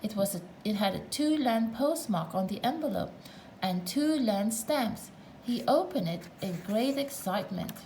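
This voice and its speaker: A woman's voice: medium pitch, lively intonation, a little slow, mellow, slight background noise, rough recording. A woman narrating a children's storybook aloud, with playful asides to the listener.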